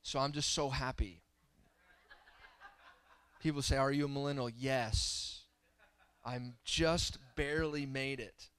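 A man in his thirties preaching a humorous, animated sermon that swings between loud and soft. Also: medium pitch, slow, pauses often, clear, resonant tone, dry recording. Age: 30s.

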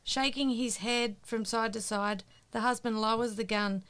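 Woman co-host, jokes read aloud, fairly high voice, smooth and clear, brisk and matter-of-fact. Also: steady tone, fairly bright tone.

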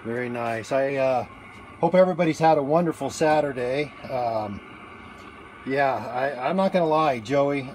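A man chats casually into a phone held in one hand, standing outdoors at a grill. His talk rambles with fillers and restarts at a middling pitch. A faint outdoor hum sits behind him. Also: moderate pace, darkish tone. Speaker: livestreamer taking a food challenge. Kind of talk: casual live-stream chat. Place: outdoors at a barbecue grill in the evening.

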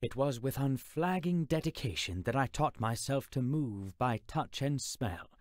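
A man's voice: mid-range voice, expressive, unhurried, no room sound, clean studio sound, lightly acted. A man reading an audiobook, voicing a scholarly, fussy male troll who speaks in formal, elaborate phrases. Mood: wry.

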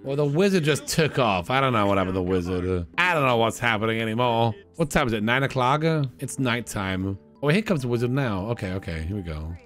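A man hosting a casual let's play, chatty and joking as he thinks out loud. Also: medium pitch, lively intonation, a little fast, hardly any pauses, faint music behind. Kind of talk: casual gameplay commentary.

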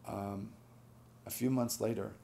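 A man in his sixties, a veteran, telling a personal memory in a halting, reflective, soft-spoken way. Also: fairly low pitch, fairly even intonation, gravelly, slight background noise. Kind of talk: personal testimony.

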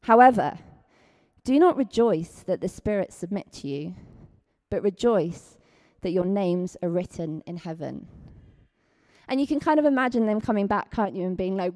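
A woman with a Scottish accent preaching a chatty, lively sermon, acting out quotes with big leaps in pitch. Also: moderate pace.

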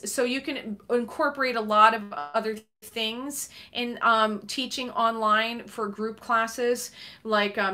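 Bright-voiced woman clarinet teacher. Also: a little high. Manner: chatty, many um fillers. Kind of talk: live online Q&A advice.

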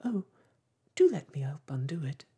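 A polite young girl who pleads and apologises in whispered role-play, voiced by a man. The whisper is husky and lifts well above his usual tone. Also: a little high, big pitch swings, moderate pace, mellow, pitched above the performer's own voice, exaggerated voice. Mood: pleading. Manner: humble and pleading.

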